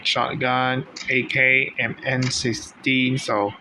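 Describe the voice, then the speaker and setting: A man doing let's-play commentary as a gaming YouTuber, excitable, swearing and yelping at enemies. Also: medium pitch, slow pace, noisy background.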